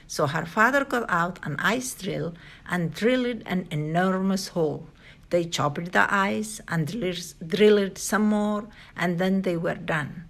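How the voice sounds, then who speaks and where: A woman hosting a channel, reading a children's picture book aloud in a slow, expressive way. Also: lowish voice, vocal fry. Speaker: storybook reader, channel host. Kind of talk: children's read-aloud narration.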